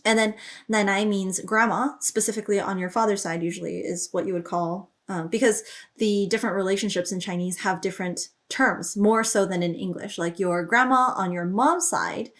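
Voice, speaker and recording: A woman takes listeners through a song's lyrics line by line as a relaxed language teacher. She thinks out loud with small fillers and lifts her pitch when she reads each lyric aloud. The sound is close and clean from a studio microphone. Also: brisk. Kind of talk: explaining song lyrics.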